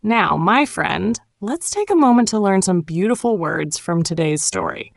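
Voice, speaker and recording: A woman teaching an English lesson, narrating a simple story and gently coaching learners to repeat words, with warm encouragement. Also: medium pitch, very animated, moderate pace, gravelly, dry recording, studio quality. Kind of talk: slow ESL lesson narration.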